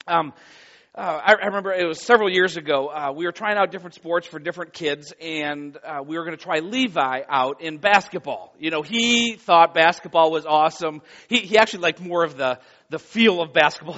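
A high-pitched man preaching to his congregation, earnest, growing loud and animated as his story builds. The sound is dull and lo-fi. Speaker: pastor. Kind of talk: sermon with prayer and storytelling.

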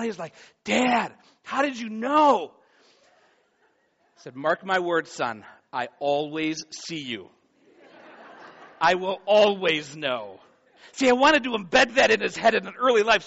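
Male pastor, 40s, sermon delivery, bright tone on a dull lo-fi recording; swings from hushed to loud. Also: sits high, gravelly. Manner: swings from hushed intimacy to loud acted-out storytelling.

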